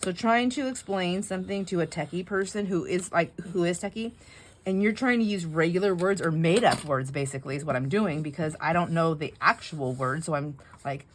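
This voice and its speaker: A woman's voice: fairly low pitch, fairly quick, a little hiss or hum. A middle-aged woman hosting a craft video, chatting in a rambling, digressive way while she cuts board, often breaking off mid-sentence and laughing. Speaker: craft channel host.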